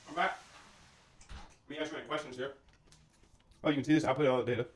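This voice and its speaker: A man's voice: mid-range voice, steady tone, fast, breathy edge. A man casually chatting through a live coding and trading stream, loose and slangy, bantering with his chat and chewing food as he talks. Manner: eating while talking. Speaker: livestreaming coder and trader.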